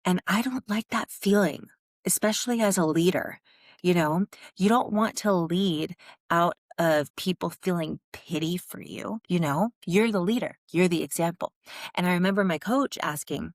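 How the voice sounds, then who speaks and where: This podcast host, a young adult woman, talks at a moderate pace in a voice on the low side. Her personal monologue is frank and full of swearing, recorded clean in a studio with no room sound.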